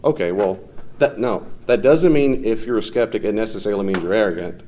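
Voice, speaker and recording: A man's voice: fairly low pitch, a little fast, warm tone, slight background noise. A man teaching a class in a conversational, off-the-cuff way, fielding questions from students and often mimicking people in short quoted voices.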